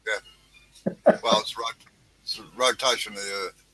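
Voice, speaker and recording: A man's voice: fairly low pitch, steady tone, takes it slowly, over music, low-quality recording. A man hosting a casual woodworking chat on a video call, bantering with dry jokes. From Australia.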